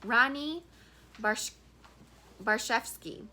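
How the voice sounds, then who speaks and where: A woman's voice: fairly high pitch, very slow, sharp tone, exaggerated voice. A woman doing a curt young Israeli secretary. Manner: curt, then polite. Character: young female secretary with attitude.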